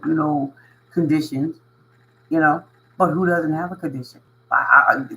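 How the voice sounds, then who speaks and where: A man with a voice a bit higher than most talks straight to his viewers in an earnest, emotional monologue. He hammers points home through repetition, keeps checking in with "you know what I mean" and chuckles between lines. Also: gravelly, a bit bright, a little hiss or hum, rough recording. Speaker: spiritual channel host. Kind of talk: casual motivational monologue to viewers.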